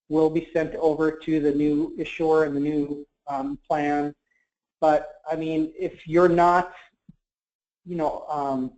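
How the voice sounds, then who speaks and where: A man's voice: a little high, mellow. A man answering questions in a webinar, explaining policy carefully and hedging, with many fillers. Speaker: government marketplace representative. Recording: muffled webinar audio.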